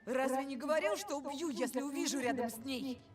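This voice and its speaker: A woman's voice: high voice, quick pace, echoey room, lightly acted. A woman voicing an enraged village boy who threatens with a knife, in a menacing way, heard as distant game audio with music behind.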